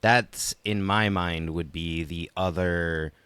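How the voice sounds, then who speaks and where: Low-voiced man, dry sarcastic wit. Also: fairly even intonation, takes it slowly, fairly bright tone, smooth, dry recording. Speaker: podcast co-host. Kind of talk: casual chat.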